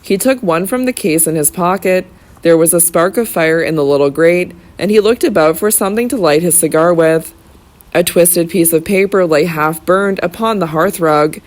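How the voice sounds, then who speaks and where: Steady audiobook narrator. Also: medium pitch. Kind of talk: scripted narration.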